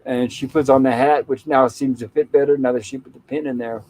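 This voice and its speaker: A man's voice: mid-range voice, fairly even intonation, a little fast, a little mellow, dry recording, poor audio. A man casually retelling a TV episode scene by scene as a podcast co-host, quoting its lines in his own plain voice.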